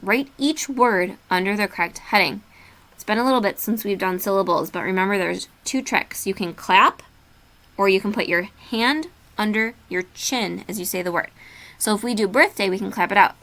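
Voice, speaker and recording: In a remote classroom lesson, a patient woman teacher uses a steady, mid-pitched voice to lead students through a worksheet. She keeps her instructions simple and slows down to spell words letter by letter.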